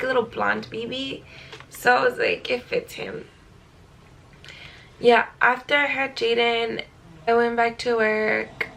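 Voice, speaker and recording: Young woman vlogger from California, casual storytime delivery, gravelly fry, slightly high voice, chatty with filler words. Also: fairly bright tone, a little hiss or hum. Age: young adult. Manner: chatty, many likes and ums, swears casually. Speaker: vlogger telling her life story.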